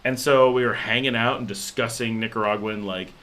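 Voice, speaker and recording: A man hosting a casual livestream, telling stories in a relaxed way and reading out viewer comments. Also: medium pitch, a little fast, slight background noise. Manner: relaxed storytelling, reads viewer comments aloud. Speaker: livestream host.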